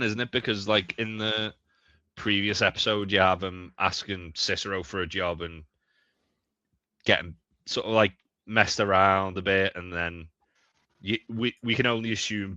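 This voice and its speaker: Deep, bright-toned man on dull audio. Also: dry recording. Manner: thoughtful, builds an argument step by step. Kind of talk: casual review chat.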